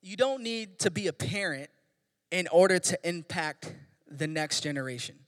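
A man's voice: high voice, moderate pace. A young man, a kids pastor, preaching a casual, joking sermon full of slangy stories. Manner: animated, joking, slangy storytelling. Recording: long hall reverb.

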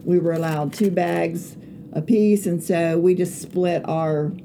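A woman's voice: on the low side, fairly even intonation, takes it slowly, creaky, mellow, slight background noise. A middle-aged woman, a pastor's wife, telling a rambling story in casual chat, with many hesitant fillers.

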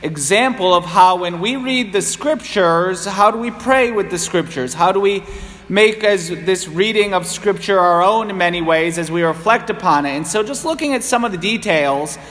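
Priest, New England accent, high-pitched, conversational homily, church reverb. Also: male voice, moderate pace, a bit bright. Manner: conversational, rising into impassioned cries.

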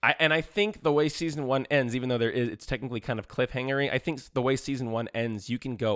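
A young man in his twenties co-hosting a podcast in casual chat. His pitch sits mid-range, and he talks with blunt, profane emphasis. He rants more than he reasons. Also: steady tone, fast talker, hardly any pauses, fairly bright tone. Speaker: podcast co-host.

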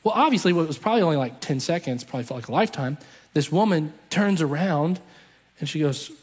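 A man's voice: fairly high pitch, lively intonation, quick pace, a little mellow, husky. A man telling a story in a sermon, acting out the voices of the people in it. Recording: long reverb from a large hall.

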